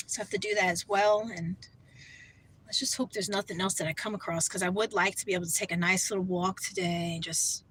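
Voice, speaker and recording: A woman's voice: lowish voice, fairly even intonation, brisk, a bit bright, slight background noise, low-quality recording. A woman vlogger talking in a casual, rambling way, full of "you know" and "like.". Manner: rambling, chatty, heavy on fillers like "you know". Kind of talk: casual vlog chat.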